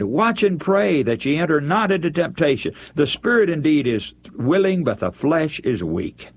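A male preacher delivers an earnest sermon in a slightly husky voice. His pitch rises and falls freely as he speaks, and he turns to his listeners as friends.

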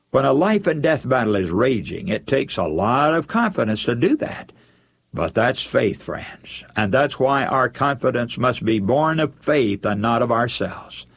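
Husky, lively-voiced male preacher. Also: mid-range voice. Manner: earnest, addresses listeners as friends. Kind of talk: sermon.

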